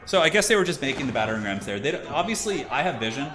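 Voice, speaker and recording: A man casually commentating a strategy game on his live stream, rambling and animated with lots of "like" fillers. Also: medium pitch, racing, background noise.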